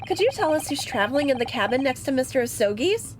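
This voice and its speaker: A woman's voice: high voice, sing-song, fast talker, noisy background. A woman voicing a nervous, overly polite young male lawyer in a game.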